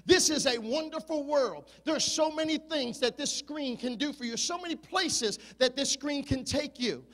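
A man in his fifties with a very high voice preaches with passion. He swings between shouted peaks and low, confiding asides to his congregation. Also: normal speed, in a large hall. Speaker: pastor. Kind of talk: sermon.

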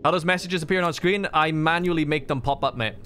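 A male streamer bantering with his friends in a quick, sarcastic way. His voice sits slightly high, with a faint hiss underneath. He talks at his desk at home. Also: sharp tone. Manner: sarcastic, fast-talking banter. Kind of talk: casual gaming chat.

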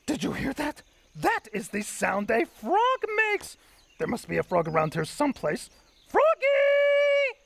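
A man's voice: high-pitched, wildly swooping pitch, moderate pace, fairly bright tone, slight background noise, heavily acted. A man playing a furry blue monster who poses as an expert, speaking formally with no contractions and great, bumbling confidence, in a children's puppet show. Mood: pompous. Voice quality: gravelly.

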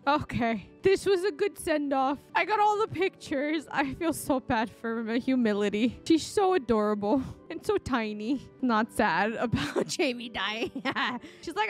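Woman game streamer, high voice, excitable and chatty, light music underneath. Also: a little slow, hardly any pauses. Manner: excitable, chatty, gasps and laughs often. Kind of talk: casual gameplay commentary.

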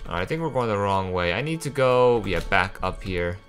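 Excitable young man commenting on gameplay. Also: fairly low pitch, fairly quick, faint music behind. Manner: excitable, frustrated, swears and apologizes. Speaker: gaming channel host.

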